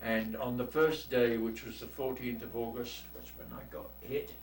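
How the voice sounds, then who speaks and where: A man's voice: medium pitch, fairly even intonation, normal speed. A man in his eighties with a London accent, a war veteran telling blunt, salty stories in an oral history interview. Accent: London English. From London, England. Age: 80s. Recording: echoey room, distant mic, faint noise.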